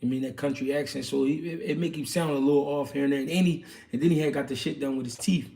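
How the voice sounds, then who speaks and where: Gravelly-voiced man in casual boxing talk. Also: mid-range voice, steady tone, fast, warm tone, distant mic. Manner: slangy, loose street talk with many fillers. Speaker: livestream host answering viewer questions.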